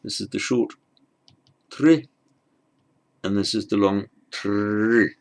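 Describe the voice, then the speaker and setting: A man teaching script letters, talking haltingly as he writes and repeating words as he goes. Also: on the low side, flat delivery, creaky. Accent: British. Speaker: language teacher. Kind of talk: handwriting lesson.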